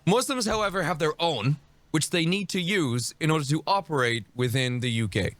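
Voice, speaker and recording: A man's voice: a little high, normal speed, a bit bright, no echo. A man streaming reaction commentary, mocking and sarcastic, dropping profanity as he talks over a video.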